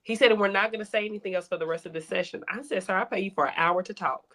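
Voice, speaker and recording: A woman's voice: medium pitch, rapid-fire, fairly bright tone. A woman in a casual group chat telling a candid personal story and acting out quoted dialogue. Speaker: panelist.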